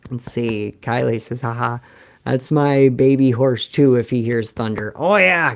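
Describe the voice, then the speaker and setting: A man's voice: medium pitch, animated, measured pace, creaky. Joking man on a casual livestream. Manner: rambling, joking, reads chat comments aloud. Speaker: livestream host.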